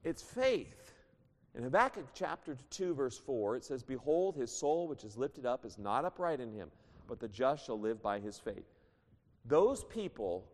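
A man preaching with fervent emphasis, his voice slightly higher than most men's and swinging widely as he reads scripture aloud. The sound carries a long reverb, as in a church hall. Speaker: pastor. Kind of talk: sermon.

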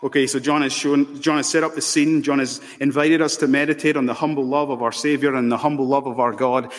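A man preaching a sermon with passion, building to loud emphatic peaks. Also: medium pitch, flat delivery, a little fast. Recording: long hall reverb.

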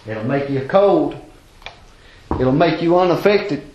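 A man preaching a folksy, fervent sermon that swings from quiet talk to hollering. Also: on the high side, lively intonation, slow pace, highs cut off, a little hiss or hum. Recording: very echoey church room.

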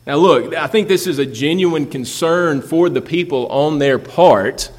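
A man's voice: on the high side, a little slow. A man preaching a sermon as pastor, building emphasis and asking rhetorical questions. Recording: long reverb of a large hall.

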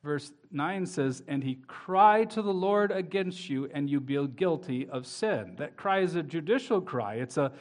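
A man's voice: a little high, expressive, measured pace, hardly any pauses. A man preaching a sermon as pastor, reading scripture aloud and speaking to the children in the congregation with rising emphasis.

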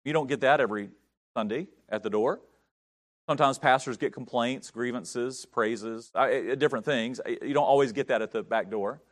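A man's voice: mid-range voice, moderate pace. A middle-aged male pastor from North Carolina preaching a sermon, telling stories and building to emphatic swells.

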